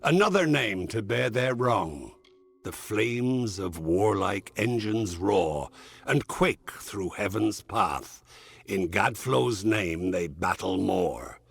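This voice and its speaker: An actor playing an ominous figure who recites a dark rhyming verse to mortals, slow and solemn. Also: male voice, on the low side, expressive, no room sound, exaggerated voice. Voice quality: gravelly, husky. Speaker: game character.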